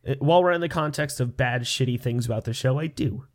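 A man co-hosts a podcast in loose, casual chat. His voice sits at an ordinary middle pitch, and his tone is sardonic, with plenty of swearing thrown in. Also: fast. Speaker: podcast co-host.

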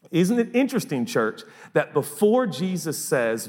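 A man's voice: on the high side, sing-song, moderate pace, hardly any pauses, darkish tone. Emphatic male pastor in a reverberant hall. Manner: emphatic, repeats phrases for effect. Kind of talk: sermon. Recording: long reverb of a large hall.

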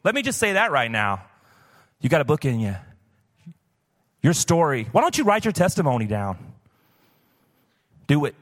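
A man's voice: on the high side, a bit bright. A man pastor preaching a sermon at a live church service, talking candidly and conversationally with casual asides. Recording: long church hall reverb.

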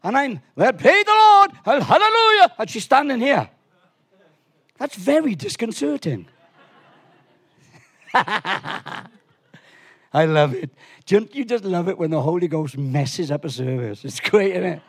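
A man preaching a lively sermon in a church, animated and swinging from quiet asides to shouts. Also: high-pitched, takes it slowly, long pauses, breathy edge. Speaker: pastor.

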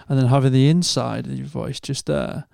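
A young man with a Northern English accent, chatting casually on a podcast and swearing freely as he tells animated stories. His voice has a gravelly edge, and the sound is close and dry. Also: mid-range voice, moderate pace, no room sound. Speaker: podcast co-host. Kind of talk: casual chat.

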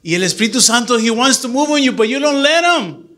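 A middle-aged man who is a deacon, giving an earnest, animated church talk to a group and mixing English with Spanish. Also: extremely high pitch, fast talker.

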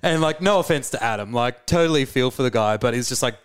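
A man, co-hosting a podcast and telling a tour story in a relaxed way, full of fillers. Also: medium pitch, fast, clear, resonant tone. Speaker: podcast co-host, band musician. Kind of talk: casual storytelling chat.

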